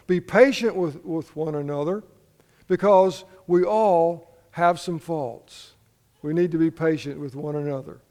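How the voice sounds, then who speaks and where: A man's voice: a little high, darkish tone, big-room sound. A man preaching a sermon as pastor, telling folksy stories and asking the congregation questions. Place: church sanctuary.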